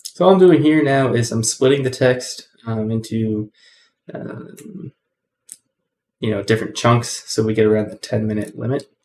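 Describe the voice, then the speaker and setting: A man's voice: mid-range voice, normal speed, a little mellow, slight background noise. A man hosting a casual coding tutorial, rambling with many ums and self-corrections.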